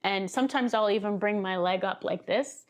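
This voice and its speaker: A woman's voice: mid-range voice, moderate pace. A woman coaching video creators in a casual, conversational talk to camera, laughing easily as she explains. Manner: conversational, laughs easily, gestures while talking. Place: seated indoors, filming herself.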